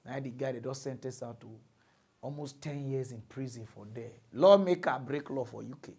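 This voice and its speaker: A man's voice: medium pitch, normal speed, creaky, breathy edge. A man with a Nigerian Pidgin accent hosting a mock news show, delivering a mocking comic monologue. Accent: Nigerian Pidgin English. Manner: animated, mocking, breaks into shrieking impressions. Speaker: comedy news host.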